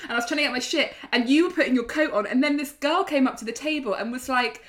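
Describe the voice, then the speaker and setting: A young woman co-hosting a podcast in casual chat, animated, laughing often and swearing freely. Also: high voice, quick pace, few pauses. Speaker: podcast co-host.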